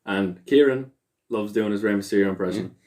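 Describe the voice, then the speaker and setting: A young man co-hosting a podcast in casual chat, teasing his friend and quick to call him out. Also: lowish voice, a little mellow. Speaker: podcast co-host.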